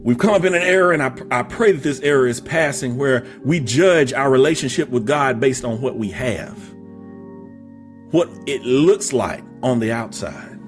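A man preaching a sermon, telling a story with humor and stammered restarts, then rising into emphatic shouts. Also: mid-range voice. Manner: emphatic, repetitive, builds to shouting.

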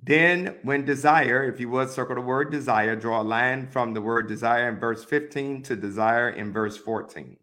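A man teaching a Bible study, reading verses aloud and methodically telling listeners which words to underline and highlight. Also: sharp tone. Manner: methodical, repeats instructions to mark the text; reads scripture aloud then pauses to direct.

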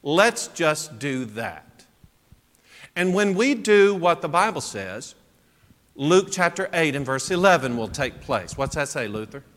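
Male preacher, fairly high and very lively pitch, unhurried sermon delivery, heavy hall echo. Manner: animated, asks rhetorical questions.

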